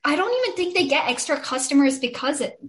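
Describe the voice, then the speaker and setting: A young woman with a slightly high voice. She chats casually with friends and gives wry, matter-of-fact opinions. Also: animated, fast talker. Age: young adult. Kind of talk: casual chat.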